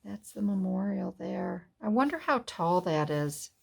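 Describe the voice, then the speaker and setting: A woman from the USA hosting a casual craft flip-through, softly gushing over each page. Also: medium pitch, animated, measured pace, creaky, husky. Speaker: craft vlogger.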